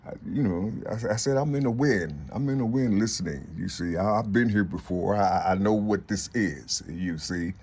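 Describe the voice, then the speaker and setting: A man's voice: fairly low pitch, normal speed, hardly any pauses, a little mellow, breathy edge. A man in his fifties talking to his viewers in a rambling monologue, peppered with "you see", fillers and restarts. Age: 50s. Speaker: vlogger. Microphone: phone.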